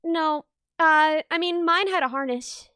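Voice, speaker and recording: A woman hosts a casual chat stream in a very high, bright voice. She talks in a bubbly way and laughs easily. The sound is dry and close, with no room echo. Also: unhurried. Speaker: stream host.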